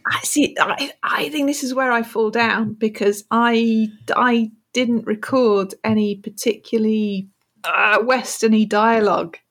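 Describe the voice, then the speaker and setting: Playful higher-voiced woman. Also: fairly even intonation, measured pace. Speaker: podcast co-host. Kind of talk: casual chat.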